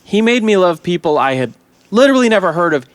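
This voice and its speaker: A man co-hosting a podcast, talking casually about a film in an animated way, swearing now and then and slipping into quoted lines. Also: sits high, fast talker, no echo. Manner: animated, profane, breaks into quoted voices. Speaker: podcast host.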